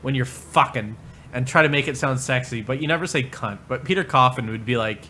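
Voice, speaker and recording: A man's voice: mid-range voice, brisk, bright, forceful tone, a little hiss or hum. A man ranting on a livestream in a crude, rambling, mocking way, often breaking into laughter. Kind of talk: profane livestream rant.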